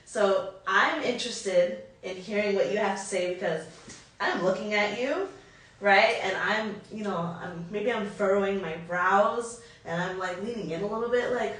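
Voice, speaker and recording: A woman co-hosting a podcast, chatting lively and acting out examples of listening. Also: medium pitch, unhurried. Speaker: podcast co-host. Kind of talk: casual podcast chat about communication. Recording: echoey room, distant mic.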